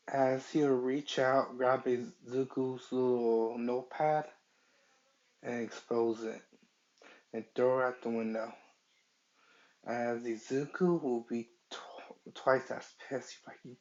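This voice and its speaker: A man improvising a fan-fiction story, halting and searching for words as he goes, on a dull lo-fi recording. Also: medium pitch, fairly even intonation, a little mellow.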